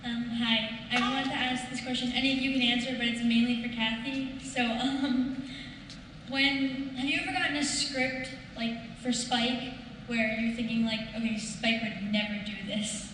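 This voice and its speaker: A woman fan asking the panel questions, hesitant and halting. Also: a little high, steady tone, a bit bright, slight background noise. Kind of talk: audience question. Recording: echoey convention hall, distant mic.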